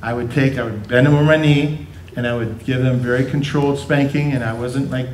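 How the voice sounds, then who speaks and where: With a medium-pitched, steady, slightly mellow voice, a middle-aged pastor preaches briskly in a church sanctuary, picked up from a distance with roomy sound and a little hiss or hum. He tells family stories, adding playful asides and acting out voices.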